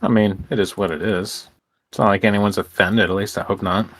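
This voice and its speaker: A man's voice: fairly low pitch, steady tone, a little fast, a bit bright. A young man from Illinois rambling through a casual gaming chat, hesitating with lots of fillers. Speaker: gamer host.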